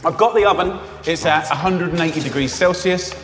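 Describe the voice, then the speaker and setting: A man's voice: a little high, brisk, close to an everyday voice. A man doing a breezy TV cooking presenter. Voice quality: breezy, instructional. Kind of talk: mock cooking-show narration. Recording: echoey distant room sound.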